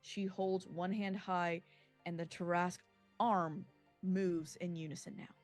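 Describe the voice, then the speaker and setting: A woman's voice: on the low side, fairly even intonation, a little slow, a little mellow, soft background music. A woman narrating a tabletop game as game master, describing scenes in detail with small slips.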